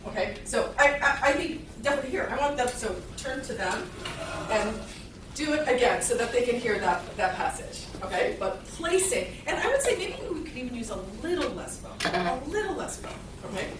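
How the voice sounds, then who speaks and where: A woman's voice: on the high side, sing-song, normal speed, far from the mic, noisy background. A woman teaching a violin master class, encouraging and chatty, singing phrases to show how they should sound. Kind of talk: live master class coaching. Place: concert hall with audience. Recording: echoey hall, voice from afar. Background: violin playing.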